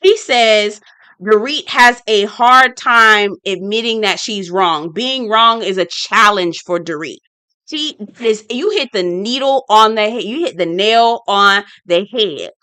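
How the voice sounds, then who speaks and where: Sassy bright-voiced woman reviewer. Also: medium pitch, slow pace, clear, resonant tone, no room sound. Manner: sassy, blunt, swears freely. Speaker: reality TV review vlogger. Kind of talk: casual commentary.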